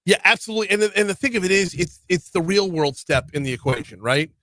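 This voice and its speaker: A man hosting a radio talk show, chatty and energetic, often repeating words as he starts a sentence. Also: high voice, quick pace, dry recording. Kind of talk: radio interview.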